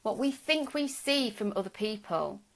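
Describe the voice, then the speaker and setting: A middle-aged woman speaks to her viewers as a stress coach in a live video talk. Her voice sits at a middle pitch with a gravelly, creaky edge. She talks gently and reassuringly, checking in often and restarting her sentences. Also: sing-song, normal speed.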